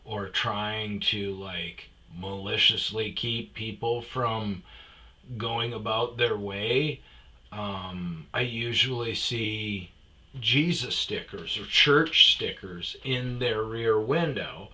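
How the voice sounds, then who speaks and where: A man's voice: fairly low pitch, slow, bright, forceful tone. A man telling a personal story in a casual vlog, heated and full of swearing.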